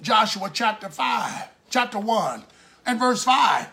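Man, preacher, sermon, slow delivery, lively rising and falling pitch, shouted emphasis. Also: vocal fry. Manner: emphatic, drawn-out phrases with shouted bursts.

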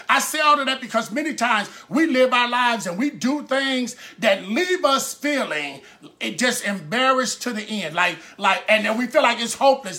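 A man's voice: very high-pitched, lively intonation, moderate pace, sharp tone. A man preaching a sermon in a conversational storytelling way, acting out the people in his stories.

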